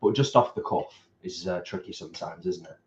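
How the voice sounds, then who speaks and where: A man's voice: low-pitched, brisk, darkish tone. A man co-hosting a casual livestream while eating, easygoing and chatty as he reads out viewer comments. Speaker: co-host of a vegan livestream. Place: home, at a table while eating. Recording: echoey room, slightly dull sound.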